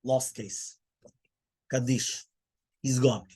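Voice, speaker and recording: A man teaching a Torah class as a rabbi, animated, putting questions to his listeners and hushing them. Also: mid-range voice, slow pace, long pauses, husky. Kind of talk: Torah class to a live audience.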